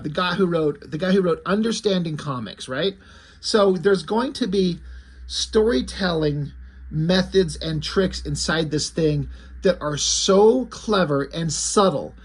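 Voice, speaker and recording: Husky rambling man reviewing comics. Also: fairly high pitch. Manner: rambling, conversational, with frequent fillers and restarts. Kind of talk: casual video review.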